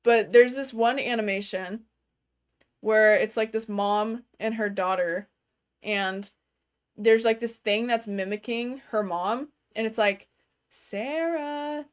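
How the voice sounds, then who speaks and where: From her bedroom, a young woman streaming a game speaks slowly in a smooth, mid-range voice with a steady tone. Her talk is loose and full of swearing, with lots of "like" as filler.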